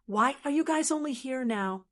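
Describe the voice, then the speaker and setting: A woman's voice: high-pitched, animated, moderate pace, voice pushed up. A woman voicing an angry, defiant man who has been cornered by his old gang, in a storybook read-aloud. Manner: shouting, defiant.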